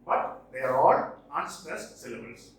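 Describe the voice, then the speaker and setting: An English teacher gives a classroom lecture on poetry, a lively man teaching slowly. He's emphatic, repeats key words slowly, and his pitch jumps lively. The recording has a roomy echo and he sounds distant from the mic.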